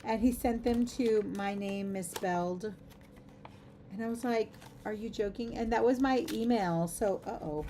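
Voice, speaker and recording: A woman's voice: fairly high pitch, measured pace, dark tone, a little hiss or hum. A middle-aged woman hosting a craft livestream, chatting casually and giggling through rambling asides as she works. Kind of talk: casual chat while crafting.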